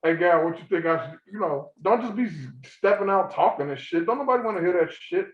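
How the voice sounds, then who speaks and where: A man with a high, lifted voice rants in a loose, profane podcast chat, getting fired up as he argues his point. The sound is roomy and somewhat dull and lo-fi. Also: a little fast. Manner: animated, ranting, profane. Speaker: podcast co-host. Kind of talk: casual heated chat.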